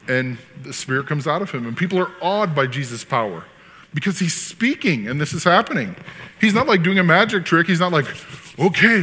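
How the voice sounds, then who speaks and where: A man preaching a sermon, reading scripture and then teaching in a casual, animated way, acting out quotes with sudden loud voices. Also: medium pitch, in a large hall. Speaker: pastor.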